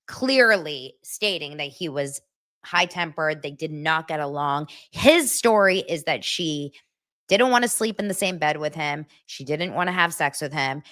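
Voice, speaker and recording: Rambling and dramatic, this gossip-show host chats casually about celebrities. She speaks low, with a slightly bright quality.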